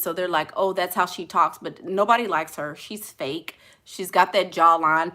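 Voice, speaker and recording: A woman's voice: mid-range voice, pushed and bright. A woman vlogger answering viewer questions in blunt, sassy casual chat full of slangy asides.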